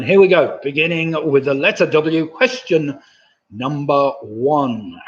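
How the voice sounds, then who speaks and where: A man in his sixties from England hosting a live-streamed pub quiz, chatty and reading out viewers' messages with a laugh. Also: fairly high pitch. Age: 60s. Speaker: quiz host. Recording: dull lo-fi home stream audio.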